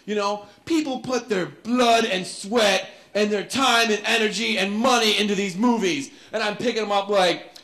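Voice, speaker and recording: A man's voice: sits high, steady tone, moderate pace, fairly bright tone. A man performing rambling, chatty stand-up comedy at a live venue.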